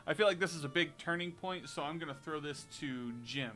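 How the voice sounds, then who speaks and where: A man's voice: on the high side, brisk, sharp tone, poor audio. Man streaming a game, casual and chatty, joking, swears, game music behind. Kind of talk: live-stream gameplay commentary.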